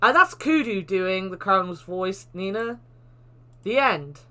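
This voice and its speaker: Woman streamer, bright tone, mid pitch, playful, casual swearing, sore throat. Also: expressive, normal speed. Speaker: streamer and narrator. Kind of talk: reading a dating game aloud and casual stream chat.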